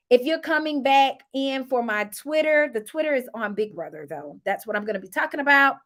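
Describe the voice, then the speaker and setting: A woman hosting a casual reality TV recap vlog, sassy and animated, talking straight to her viewers and calling them honey. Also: on the high side.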